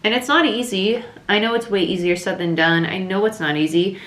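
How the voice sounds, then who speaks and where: A woman giving a casual, chatty tarot reading to camera, thinking aloud with fillers, a little hoarse. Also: medium pitch, a little fast, a bit bright, echoey room. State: slightly losing her voice. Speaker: tarot reader.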